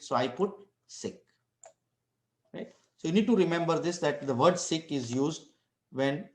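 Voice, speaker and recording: In an echoey room, a man with a fairly high voice gives an online lecture. He explains things step by step, often restarting sentences and checking in with "right?"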